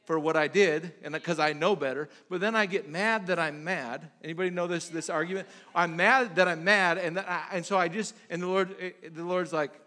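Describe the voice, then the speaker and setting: A man's voice: on the high side, steady tone, brisk, bright, forceful tone. A male pastor preaching a sermon in a conversational way, with lots of restarts and sudden emphatic bursts.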